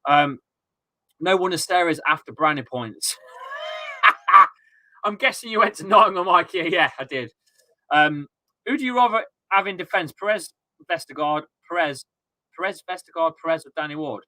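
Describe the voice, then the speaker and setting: A man's voice: fairly high pitch, lively intonation, normal speed, pauses often, bright, forceful tone, dry recording. A man in his thirties chatting casually and ranting with swearing on a live football watchalong stream.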